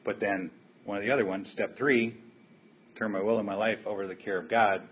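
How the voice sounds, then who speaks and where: A man's voice: on the low side, fairly even intonation, a little fast, slightly rough. An older man telling his own recovery story at a meeting, candid and blunt in a conversational way. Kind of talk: personal recovery share. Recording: tinny phone-like sound with faint hiss.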